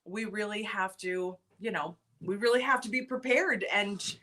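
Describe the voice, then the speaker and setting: A woman's voice: mid-range voice, moderate pace, pushed and bright. A young adult woman hosting a casual live stream, chatting with viewers, reading their comments aloud and laughing often. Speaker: livestream host.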